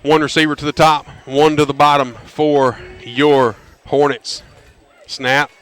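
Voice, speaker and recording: A man calling a high school football game on local radio, folksy and prone to loud excited calls on big plays. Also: a little slow. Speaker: play-by-play announcer. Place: stadium press box.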